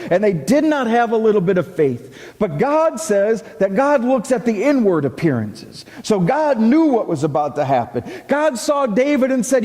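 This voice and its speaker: A man delivers a sermon from the pulpit, lively and dramatic as he acts out the doubts and replies of the people he quotes. His voice sits high for a man. The sound carries a long reverb, as in a church hall. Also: unhurried, hardly any pauses. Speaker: pastor.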